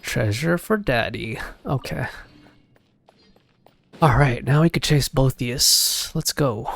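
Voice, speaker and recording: A man's voice: mid-range voice, takes it slowly, gravelly, pauses often, a bit bright, dry recording. A man giving casual, chatty commentary over a video game, musing aloud as he plays. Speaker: gameplay streamer.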